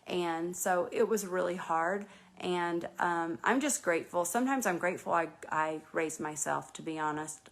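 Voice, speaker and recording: A woman's voice: on the low side, a bit bright. A woman from North Carolina hosting a casual live chat, talking earnestly and rambling with many restarts and fillers. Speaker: host.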